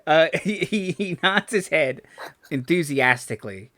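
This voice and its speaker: A man narrating a tabletop game as dungeon master, halting often with fillers and restarts. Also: a little high, lively intonation, fairly bright tone. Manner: hesitant, full of fillers and restarts.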